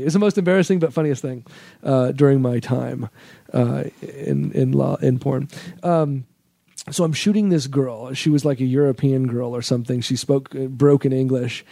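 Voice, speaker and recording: A man's voice: mid-range voice, moderate pace, creaky, dark tone, no echo. A man guesting on a podcast, telling rambling, profane stories in casual chat and laughing often. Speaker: podcast guest, former adult-film editor.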